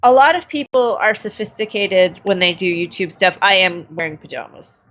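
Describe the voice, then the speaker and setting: A woman's voice: mid-range voice, lively intonation, normal speed, muffled recording. A woman co-hosting a casual live-stream podcast, talking in a fretful, chatty, self-deprecating way. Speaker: podcast co-host.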